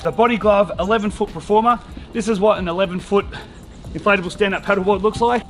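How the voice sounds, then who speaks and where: A man's voice: high voice, steady tone, quick pace. A young man, chatty and upbeat, reviewing outdoor gear in a casual vlog and thinking aloud as he unpacks. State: out of breath after pumping. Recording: music playing underneath.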